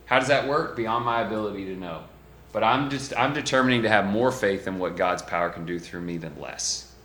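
A man preaching a sermon in a church, talking emphatically and swinging between loud stresses and hushed, quiet lines. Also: lowish voice, fairly quick, slight background noise. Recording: echoey room.

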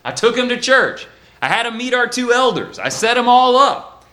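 A man's voice: very high voice, big pitch swings, moderate pace, pushed and bright, pitched above the performer's own voice, heavily acted. A man voicing a worried father who pleads about his son, in an emphatic, strained way. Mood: pleading. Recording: echoey room.

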